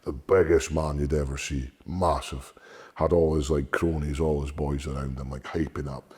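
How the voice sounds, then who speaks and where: Very deep husky man. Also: normal speed. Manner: sweary, animated, repeats words. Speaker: strongman guest. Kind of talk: candid interview storytelling.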